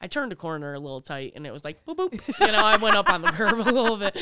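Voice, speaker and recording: A woman's voice: medium pitch, very animated, very fast, a crowd in the background. A woman co-hosting a podcast, chatting casually and laughing often as she tells driving stories. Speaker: podcast co-host. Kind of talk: casual chat.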